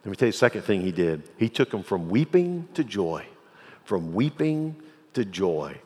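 A man preaching a sermon, moving between loud, emphatic peaks and hushed, low passages as he reads scripture and explains it. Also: sing-song, normal speed. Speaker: pastor. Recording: long hall reverb.

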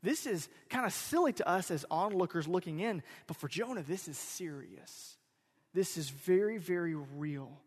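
A man preaching a sermon in a conversational way, moving between loud emphatic bursts and quiet asides. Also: sits high, moderate pace. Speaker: pastor. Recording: reverberant hall.

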